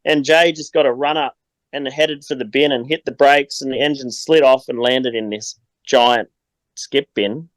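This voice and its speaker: A man's voice: medium pitch, fairly even intonation, normal speed, dry recording, low-quality recording. An Australian man chatting as a podcast guest, telling rambling stories and laughing often. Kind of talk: casual chat.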